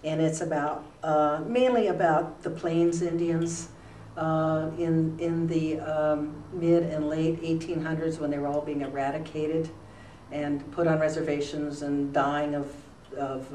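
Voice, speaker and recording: In a school room interview, a retired newspaper columnist, an older woman with a low voice, spins long, rambling stories in a relaxed way. Her warm anecdotes are packed with fillers, captured on a distant mic that sounds roomy with faint noise.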